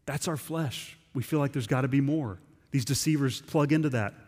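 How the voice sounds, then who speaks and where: Man, pastor, mid-pitched, conversational and emphatic sermon delivery, reverberant church hall. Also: normal speed, darkish tone. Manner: conversational, emphatic preaching with frequent restarts. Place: church sanctuary.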